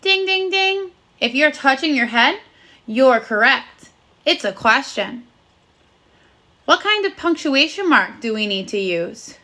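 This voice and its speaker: A woman's expressive, high, bright, and clear voice guides first graders through a phonics video lesson. She speaks slowly and cheerfully, giving the children sing-song praise.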